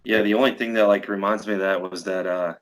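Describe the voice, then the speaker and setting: A man's voice: lowish voice, steady tone, quick pace. A man hosting a podcast, chatting in a laid-back, easygoing way about his old training days. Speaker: podcast host. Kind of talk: casual chat.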